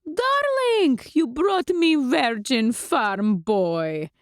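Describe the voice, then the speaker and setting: A woman voicing an ancient, doting female vampire who speaks slow, stilted, formal English without contractions. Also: high-pitched, expressive, no room sound, studio quality, pitched above the performer's own voice, heavily acted.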